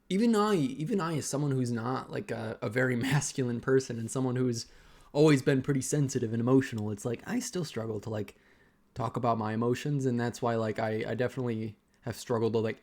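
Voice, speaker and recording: A young man vlogging a casual personal rant, halting and rambling as he keeps restarting his sentences. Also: medium pitch, a little mellow.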